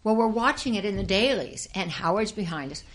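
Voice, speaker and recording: An older woman, a former actress and dancer, telling lively anecdotes as an interview guest and acting out the people she quotes. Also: mid-range voice, a little fast. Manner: lively storyteller who acts out quoted voices and laughs often. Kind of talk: casual anecdotal storytelling.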